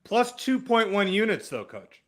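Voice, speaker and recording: A man's voice: high voice, big pitch swings. A man giving sports betting picks, reeling off stats in an upbeat way. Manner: quick stat-heavy delivery, upbeat.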